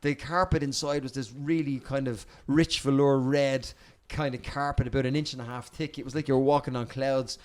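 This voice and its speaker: An Irish man, a podcast guest, telling a cheeky, lively anecdote and swearing freely as he goes. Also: medium pitch, a little fast, hardly any pauses.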